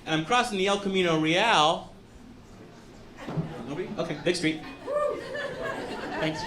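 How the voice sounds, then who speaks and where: A man's voice: high voice, unhurried. A male stand-up comedian from California, rambling through a self-deprecating live set with profane outbursts. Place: comedy club stage before a laughing audience. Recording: live club recording, crowd laughter and noise.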